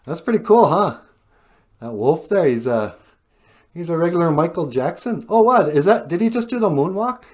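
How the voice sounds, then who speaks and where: A man voicing a joking, excited group of Native men in a comic retelling. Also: moderate pace, close to an everyday voice. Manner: high, excited, jokey exclamations.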